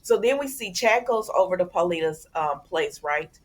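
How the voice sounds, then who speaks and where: Chatty woman recapping a soap, lowish voice. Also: animated, normal speed, slight background noise. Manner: chatty, conversational, addresses viewers as y'all; retells scenes by acting out quoted lines. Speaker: soap opera recap host. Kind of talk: casual recap vlog.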